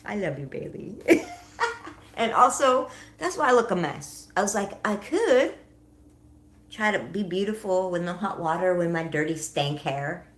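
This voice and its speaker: A young woman hosts a casual livestream and chats with her viewers. Her pitch swings up and down a lot. She laughs often and answers the chat as she talks. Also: expressive, measured pace. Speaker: livestream host.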